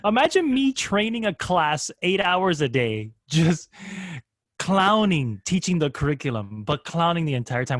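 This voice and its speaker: A man's voice: a little high, no echo, clean studio sound. A man improviser telling stories in casual conversation, often slipping into voices and accents as he goes. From Miami area. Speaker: improviser and guest. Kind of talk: casual storytelling.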